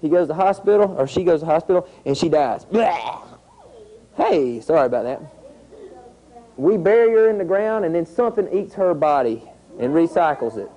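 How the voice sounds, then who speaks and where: A man with a drawl leads schoolchildren through an outdoor lesson. He tells it as a lively story, tossing in sound effects and questions for the kids. His voice is warm and mellow. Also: a little high, brisk, low-quality recording. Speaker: environmental educator. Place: outdoors at a nature center.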